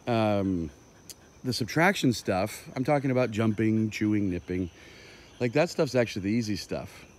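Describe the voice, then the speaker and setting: Low-voiced man rambling on an outdoor walk. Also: expressive, moderate pace. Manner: rambling, thinking aloud with many fillers. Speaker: dog trainer. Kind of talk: impromptu explanatory talk on a walk.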